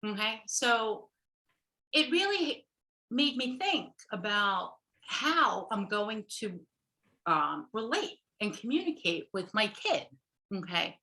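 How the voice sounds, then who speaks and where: A woman's voice: mid-range voice, sing-song, takes it slowly, bright, forceful tone, reverberant, rough recording. A middle-aged woman therapist giving a casual workshop talk. She chats along, laughs often and keeps checking in with "right?" and "okay".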